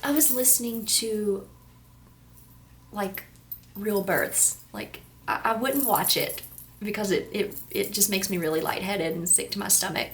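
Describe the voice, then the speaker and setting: Gravelly-voiced young Kentucky woman. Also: mid-range voice, a little slow, slight background noise. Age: 20s. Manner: rambling, giggly, self-deprecating. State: runny nose. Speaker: vlogger. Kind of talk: casual talking-to-camera vlog.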